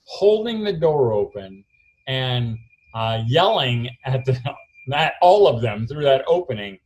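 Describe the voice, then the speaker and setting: A middle-aged man telling a story in a keynote talk, recorded alone in his barn, acting out his own quotes loudly. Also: mid-range voice, sing-song, takes it slowly. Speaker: homeschool speaker. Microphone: self-recorded camera.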